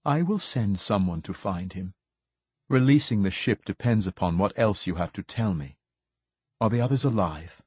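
A man reading the part of a cold, commanding older woman leader, speaking soft and measured. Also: fairly low pitch, expressive, husky, no room sound. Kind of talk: audiobook character reading.

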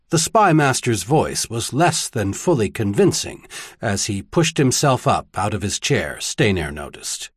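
Casting: male audiobook narrator, husky tone, lively pitch, dry close studio sound. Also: measured pace, no room sound. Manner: expressive storytelling. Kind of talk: scripted narration.

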